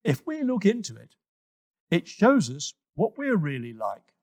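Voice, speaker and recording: Man narrating a kids story, slow gentle explanations, expressive lively pitch, dry close mic. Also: dry recording. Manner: gentle, explanatory, talks to children. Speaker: children's storyteller. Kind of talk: children's Bible story narration.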